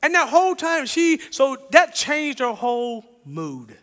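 A man preaching with a high, bright voice, full of energy as he tells a story. He repeats phrases and chuckles as he speaks. The sound carries a long echo, as in a big church hall. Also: big pitch swings, unhurried. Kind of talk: sermon with personal story.

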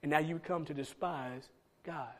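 A middle-aged man preaching a sermon, swinging between loud emphatic calls and soft low asides. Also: unhurried. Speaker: pastor.

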